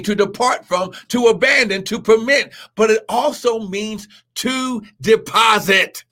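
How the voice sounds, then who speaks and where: A man preaches with a high, bright, ringing voice. He drives the sermon forward in rhythmic bursts, punctuating lines with cries of glory and rising to shouts. His delivery is fervent and insistent, like a live revival stream. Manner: rhythmic exhortation with repeated "glory" and "come on now"; breaks into shouting and tongues. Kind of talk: Pentecostal preaching.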